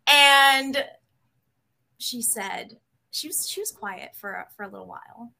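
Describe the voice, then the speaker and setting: A woman, a psychotherapist, telling a personal story in an interview, hesitant with many pauses, candid and emotional. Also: on the high side, lively intonation, gravelly, pushed and bright.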